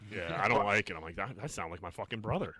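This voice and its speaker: A man's voice: on the low side, fast talker, sharp tone. A man with a Pittsburgh accent, co-hosting a podcast with profane, joking banter and stories. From Pittsburgh, USA. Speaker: podcast co-host. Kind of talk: casual banter among friends.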